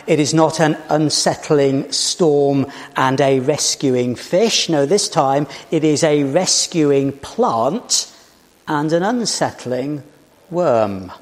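A British man preaching a sermon in a church, telling the story in a measured way and posing rhetorical questions. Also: on the high side. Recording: reverberant church hall.

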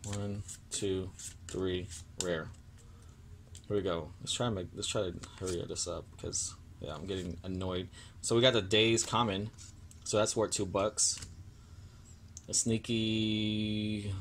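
A man's voice: lowish voice, a little hiss or hum. A young man hosting a casual card-opening vlog, sounding annoyed and apologetic as he stumbles over card names. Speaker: card-opening video host.

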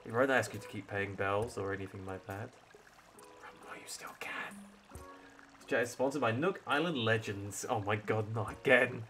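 A man's voice: mid-range voice, normal speed. A man chatting casually with his live-stream audience while playing a game, joking and reacting between dialogue reads. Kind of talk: casual live-stream chat over gameplay. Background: loud game music.

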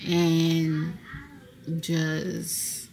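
A young woman vlogging in a relaxed, slangy, chatty way. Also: low voice, very slow, a little hiss or hum. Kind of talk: casual vlog chat.

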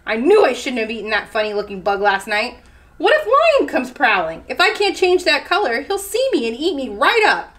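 A woman's voice: sits high, wildly swooping pitch, moderate pace, fairly bright tone, exaggerated voice. A woman voicing a fretful young male chameleon in a children's picture book reading, speaking in a sulky, stammering way. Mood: worried.

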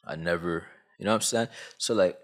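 A man in his twenties from Canada, a YouTuber delivering a comedic, slangy commentary rant. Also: brisk. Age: 20s. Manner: animated, swooping pitch, slangy.

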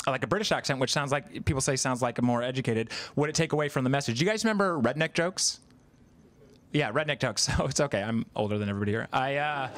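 In a live stand-up set before an audience, a man in his thirties talks conversationally, pokes fun at himself, and uses plenty of fillers. His voice sits at medium pitch with a fairly bright tone.

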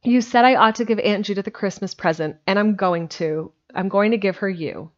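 A woman voicing a stiff, gruff older man who gulps and halts over his words in a storybook reading. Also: mid-range voice, highs cut off, close to an everyday voice. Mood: husky. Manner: halting, gulping speech.

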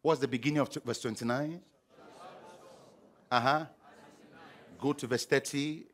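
A middle-aged man preaching a sermon, animated and humorous, acting out scenes with sound effects. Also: medium pitch, unhurried. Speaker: pastor.

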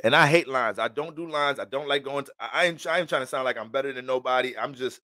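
A man's voice: mid-range voice, quick pace, pushed and bright, no room sound. A man giving a casual astrology reading. He talks in a slangy, rambling, joking way.

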